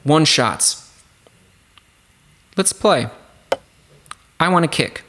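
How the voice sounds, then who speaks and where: A man's voice: fairly high pitch, animated, extremely slow, noisy background. A man hosting a casual music production tutorial hangout, rambling with lots of fillers and asides. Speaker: host. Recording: loud music underneath. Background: loud music.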